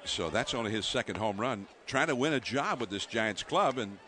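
A man calling baseball play-by-play as a guest in the booth, halting and full of restarts. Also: mid-range voice, animated, bright, forceful tone, a little hiss or hum. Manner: halting, many restarts and fillers. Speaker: guest broadcaster.

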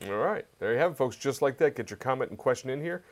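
A man hosting a live fan question show, energetic and hyping up the audience. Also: medium pitch, fast talker. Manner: energetic, hypes fans up. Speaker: host.

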